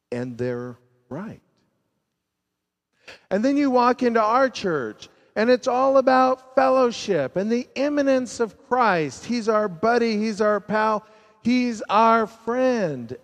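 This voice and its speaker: A man preaching a sermon as pastor, swinging from loud emphasis to hushed, low endings. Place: church sanctuary. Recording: long reverb of a large church.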